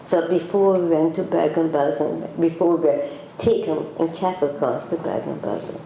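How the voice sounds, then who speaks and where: A Hungarian woman in her seventies, a religious teacher, gives an emotional lecture full of pleading, repeated questions. Her voice is low, mellow and touched with vocal fry, and the recording has an echoey room with faint noise.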